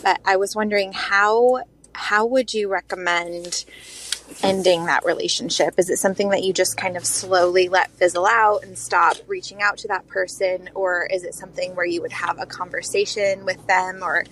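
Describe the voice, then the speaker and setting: A woman's voice: lowish voice, fairly even intonation, moderate pace, fairly bright tone, low-quality recording. A woman leaving a voicemail for a podcast, asking for advice hesitantly and thoughtfully. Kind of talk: voicemail question. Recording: voicemail with faint background noise.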